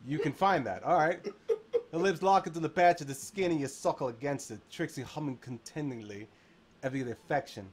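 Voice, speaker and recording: A man's voice: on the high side, fairly quick, breathy edge. Crude joking male streamer reading aloud. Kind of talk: casual livestream reading.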